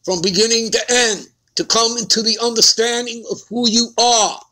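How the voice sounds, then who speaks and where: High, bright-voiced emphatic man preaching. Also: steady tone, normal speed. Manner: emphatic, keeps asking "all right?" and "okay?". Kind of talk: scripture teaching sermon.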